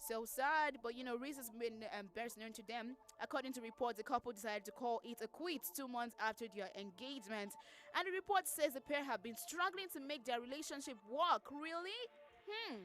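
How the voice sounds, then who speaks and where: A woman's voice: a little high, a little fast, a bit bright. A woman hosting a radio show, chatting casually through entertainment news and reacting openly to each story. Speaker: radio host. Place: radio studio.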